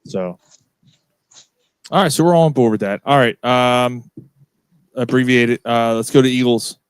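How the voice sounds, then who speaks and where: A man's voice: medium pitch, a little slow, clear, resonant tone, no echo. A man co-hosting a sports podcast, chatting loosely and swearing freely. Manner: loose and profane, animated. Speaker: podcast co-host. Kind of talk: casual sports chat.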